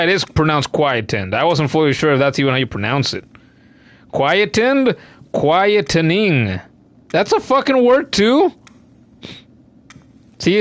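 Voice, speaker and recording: Young man, gameplay commentator, foul-mouthed and exasperated, pitch leaping up as he rants. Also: fairly bright tone, no room sound. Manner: profane, exasperated ranting. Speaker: let's play host.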